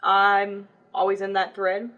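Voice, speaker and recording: A woman's voice: medium pitch, completely flat delivery, takes it slowly, sharp tone, dull audio. Woman explaining plainly on a stream. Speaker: marketplace staff guest. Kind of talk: casual livestream chat.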